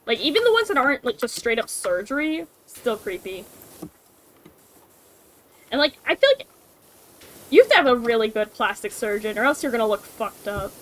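A woman's voice: on the high side, sing-song, moderate pace, long pauses, a little hiss or hum, low-quality recording. A young woman streamer chatting casually and swearing freely while gaming. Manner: chatty, swearing, laughs often.

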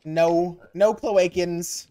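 A young man hosting a gaming channel, chatting and swearing freely through a casual let's-play with sudden excited yelps. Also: high voice, very slow, background noise.

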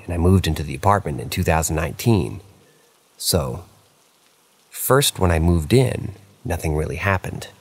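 A man narrating true paranormal stories aloud, reading in a plain, unhurried way with small slips. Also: deep voice. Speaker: story narrator.

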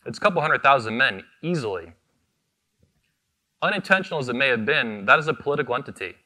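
This keynote speaker, who founded the convention, has a medium-pitched voice that is bright and forceful, with lively intonation and a fast delivery. Speaking into a microphone on stage, he is fiery, profane and combative, repeating short phrases hard.

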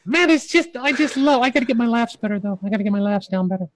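High-voiced rambling comic man host. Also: animated, fast talker, a little hiss or hum, rough recording. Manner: chatty, self-mocking, stumbling. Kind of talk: rambling comic talk-show hosting.

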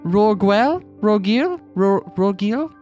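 A woman's voice: mid-range voice, lively intonation, takes it slowly, darkish tone, faint music behind. A woman voicing a naive, polite young noblewoman in a video game playthrough. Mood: earnest.

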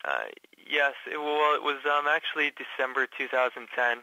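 Hesitant man with a bright, flat voice. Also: mid-range voice, dry recording, poor audio. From Canada. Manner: halting, many fillers and restarts. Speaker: patient guest. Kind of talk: casual interview.

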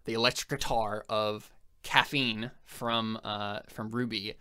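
Halting young man narrating a tabletop game. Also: on the low side, flat delivery, bright, forceful tone, clean tone. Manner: halting, filler-heavy storytelling. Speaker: game master.

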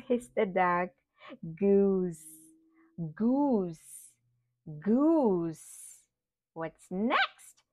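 Woman reading to her baby real slow, sing-song, voice goes way up and down doing animal noises. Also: medium pitch, expressive. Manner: repetitive, sing-song, imitates animal sounds. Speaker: parent reading to a toddler. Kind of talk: slow read-aloud for babies.

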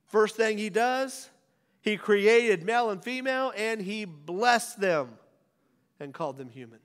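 A male pastor preaching a sermon, swinging from raised declarations to hushed near-whispers. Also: high voice. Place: church sanctuary. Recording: church hall reverb.

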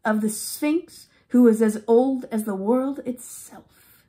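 A woman reading a fairy tale aloud for children with an affected English-style accent, expressive and pausing for short explanatory asides. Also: fairly high pitch. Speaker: storybook reader.

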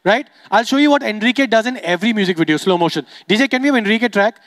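A young man with an Indian accent doing stand-up comedy, animated and teasing the audience. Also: high voice, racing, no room sound, studio quality. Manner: animated, teases the audience, switches into voices.

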